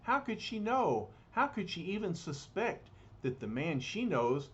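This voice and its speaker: A man's voice: high voice, very animated, unhurried, a bit bright, muffled recording, voice pushed up, heavily acted. A man voicing a young male scientist who speaks bitterly, brooding over a secret.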